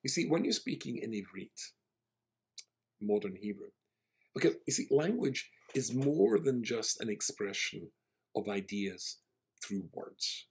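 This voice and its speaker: A low-voiced male rabbi recounts a story with wry, self-deprecating humour. His voice is gravelly and husky, with a relaxed storytelling flow. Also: measured pace. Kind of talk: storytelling talk.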